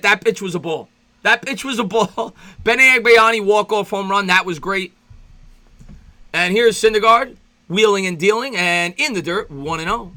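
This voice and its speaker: A man with a high, bright, ringing voice calls a game pitch by pitch like an amateur broadcaster. He rambles between plays, greets his viewers and gets worked up, his voice leaping up when excited. His asides run on loosely. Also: normal speed. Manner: excitable, voice jumps up when reminiscing. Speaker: fan play-by-play host. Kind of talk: amateur play-by-play commentary with reaction.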